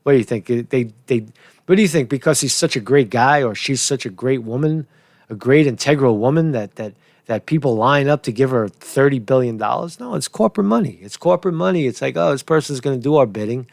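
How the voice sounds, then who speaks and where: Gravelly guy ranting about politics, swears a lot, keeps saying right?, dry close sound. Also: medium pitch, lively intonation, a little fast, darkish tone, no room sound. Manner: rambling, profane, keeps asking "right?"; restarts sentences, chuckles at his own jokes. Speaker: political commentator. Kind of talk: casual commentary vlog.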